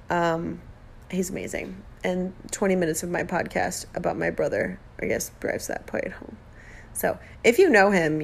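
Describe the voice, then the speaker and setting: On her own podcast, a middle-aged woman gives a heartfelt, emotional monologue sprinkled with self-deprecating humor. Her lowish voice has vocal fry and is a bit bright.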